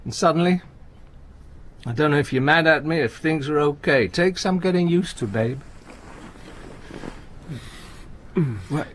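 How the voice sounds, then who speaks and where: An actor playing a gentle, anxious older comedian in a radio play, talking in halting, stammering restarts. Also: male voice, on the high side, slight background noise, lightly acted. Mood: pleading. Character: aging male comedian, gentle, anxious, talkative. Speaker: visiting friend and comedy partner.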